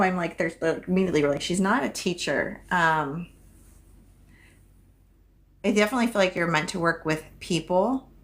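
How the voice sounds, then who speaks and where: A chatty woman talking into her phone on a psychic livestream, her voice sitting a touch low. She keeps it loose and unscripted, swears freely and hammers key phrases through repetition. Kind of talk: casual livestream chat.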